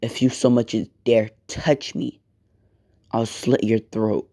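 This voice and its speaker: A man voicing a vengeful young male hero turned god-like villain, speaking in quiet, cold threats. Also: medium pitch, level tone, slow. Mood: menacing.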